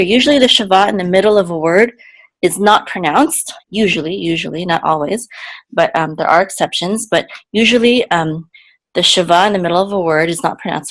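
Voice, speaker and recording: Woman, low voice, unhurried teacher, patient, repeats words, dry close sound. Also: no room sound. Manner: patient, repeats words slowly, frequent okays and ums. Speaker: Hebrew teacher. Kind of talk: slow spoken lesson, spelling out letters and vowels.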